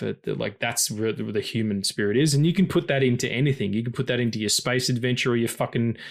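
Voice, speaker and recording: Animated, excitable man podcaster. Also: creaky. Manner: animated, swears often, pitch leaps when excited; passionate and emotional about stories. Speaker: podcast co-host. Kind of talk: casual film-review chat.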